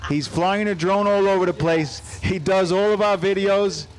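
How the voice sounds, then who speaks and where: New guy calling drag races, kinda high voice, jokey, faint engines in the back. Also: fairly even intonation, normal speed, slight background noise, low-quality recording. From New York. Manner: joking, chatty banter. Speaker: drag race announcer. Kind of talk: live race commentary.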